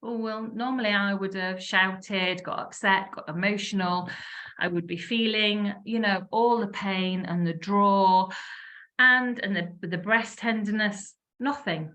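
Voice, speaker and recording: A woman in her fifties telling her own health story in a casual, animated way, laughing often and acting out what she once said. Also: mid-range voice, a little slow. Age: 50s. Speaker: wellness speaker sharing her story. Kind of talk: casual testimonial talk.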